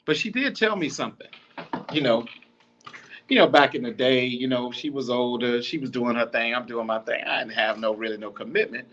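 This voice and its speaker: Animated, bright-voiced man preaching blunt advice. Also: medium pitch, muffled recording. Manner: blunt, preachy, profane and repetitive. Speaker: podcast host. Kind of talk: casual advice monologue.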